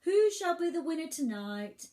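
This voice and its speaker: A woman's voice: extremely high pitch, big pitch swings, normal speed, mellow, pitched above the performer's own voice. A woman voicing a sad but proud old female island who calls out in a formal, proclaiming tone. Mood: sad, stately. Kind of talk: storybook read-aloud.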